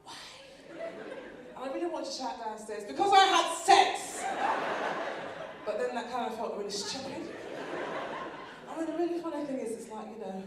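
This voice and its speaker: A woman's voice: a little high, fast, very noisy. A woman performing live stand-up comedy. She tells stories with energy, acts out her family members, and talks straight to the audience. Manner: animated storytelling, acting out family members. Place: large venue with a live audience. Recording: echoey, distant live hall with loud crowd.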